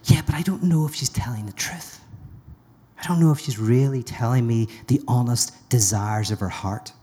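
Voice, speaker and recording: A man's voice: medium pitch, normal speed, dark tone, long reverb tail, lightly acted. A man voicing an insecure, anxious little male field mouse, fretful and pleading.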